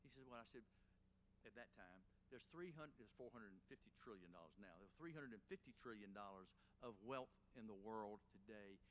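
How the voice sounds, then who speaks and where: A man's voice: lowish voice, expressive, fairly quick, a little hiss or hum. A man, giving an after-dinner speech with folksy storytelling that builds into an impassioned, preaching cadence. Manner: folksy storytelling, Southern phrasing. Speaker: dinner honoree giving remarks. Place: banquet hall.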